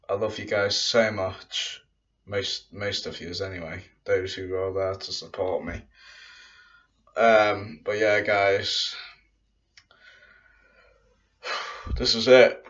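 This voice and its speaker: A man's voice: on the low side, fairly bright tone. A man talking casually to his viewers in a home vlog, rambling and circling back with repeated fillers. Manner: rambling, repeats "but yeah, guys". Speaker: YouTuber saying goodbye to viewers. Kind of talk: casual vlog address to camera. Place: room at home. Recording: dull lo-fi sound, mic at a distance.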